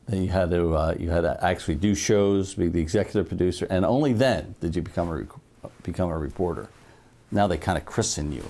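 An older man telling lively anecdotes in an oral-history interview, acting out the people he quotes. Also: sits low. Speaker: interviewee, former TV newsman.

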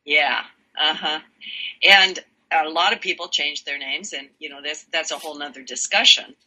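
A woman's voice: low-pitched, moderate pace, pushed and bright, a little hiss or hum, poor audio. A woman talking as an interview guest, explaining her voice workshops in a reflective way with frequent fillers. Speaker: guest, voice and energy workshop leader. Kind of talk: casual interview chat.

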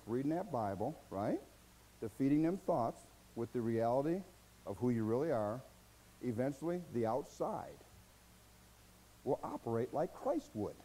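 A man's voice: mid-range voice, warm tone, poor audio. A man with an American accent preaching a sermon as pastor, folksy and exhorting, asking rhetorical questions and mimicking his listeners' excuses.

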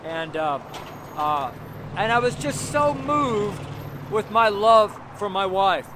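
Street preacher guy, pretty high voice, rambling and earnest, lots of "you know", outside by the road. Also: animated, slow, noisy background. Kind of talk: personal testimony sermon. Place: outdoors near street traffic.

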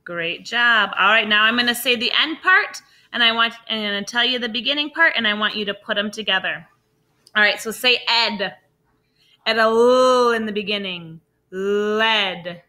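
A woman teacher leading a phonics lesson for young children, sounding out words slowly and praising often. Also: a little high, bright, forceful tone. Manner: slow, drawn-out sounding out of words; encouraging, praising.

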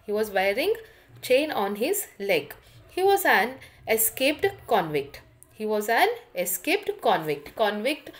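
Indian woman teacher explaining a story. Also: on the high side. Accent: Indian English. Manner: repeats phrases and explains word meanings. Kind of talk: online English lesson explaining a story.

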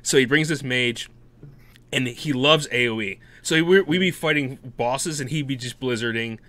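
A man co-hosting a podcast, telling gaming stories in an animated way with laughs, acting out quotes. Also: mid-range voice, moderate pace, no room sound. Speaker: podcast co-host. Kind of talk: casual storytelling chat.

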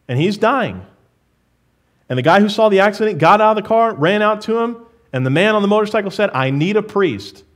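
High-voiced man preaching to his church. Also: lively intonation, brisk. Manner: earnest, direct address to the congregation. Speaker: pastor. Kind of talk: sermon. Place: church in front of a congregation.

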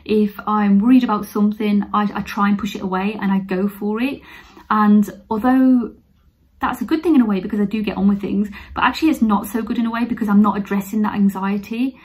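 A woman's voice: mid-range voice, fairly even intonation, brisk, darkish tone, rough recording. Earnest woman talking openly. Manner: earnest, open, turns emotional and teary at times. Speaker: nurse vlogger. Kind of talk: heartfelt personal talk to camera.

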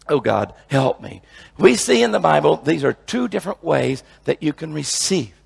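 A man's voice: fairly high pitch, big pitch swings, normal speed, vocal fry, slightly rough. A male preacher teaching a sermon in an emphatic way, often repeating phrases and restarting his sentences.

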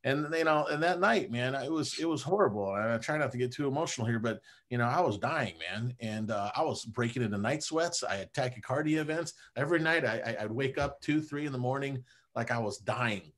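A man recounts his own story as a podcast guest in a relaxed, lively conversational way. His voice sits at an ordinary middle pitch for a man. He keeps the story rolling with easygoing asides. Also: fairly quick, hardly any pauses. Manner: animated, conversational, drops "man" and "you know" often. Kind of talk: casual personal storytelling.

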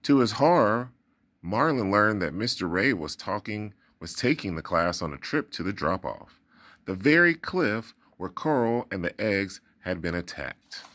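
A man narrating a children's storybook aloud with expressive, dramatic delivery. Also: lowish voice, unhurried. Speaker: storybook reader.

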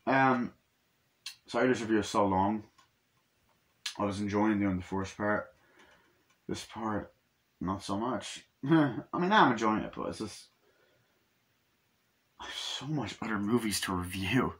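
A man's voice: on the low side, measured pace, long pauses, a bit bright. A man casually reviewing a film, rambling and swearing freely. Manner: rambling, profane, acts out scenes in quoted voices. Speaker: movie reviewer.

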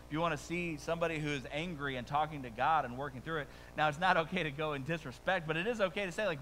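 A man preaching a sermon as pastor, conversational and animated, with quick asides and rising emphasis, speaking to a congregation in a church. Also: fairly high pitch, slight background noise, rough recording. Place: church sanctuary before a congregation.

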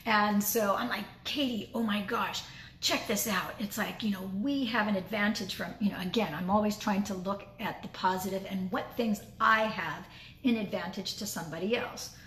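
A woman speaker telling a motivational story, animated, acting out her own inner voice as she goes. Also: mid-range voice, normal speed. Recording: echoey room with faint noise.

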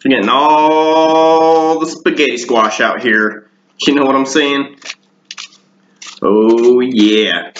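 A man rambles through a casual home cooking vlog in his kitchen, deadpan and full of dark jokes. His voice is bright and pointed, and the room around him rings with echo. The recording is dull and lo-fi, with a faint hiss behind it. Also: medium pitch, slow pace. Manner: deadpan, darkly joking, rambling. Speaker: home cooking show host. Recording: echoey room, dull lo-fi sound.

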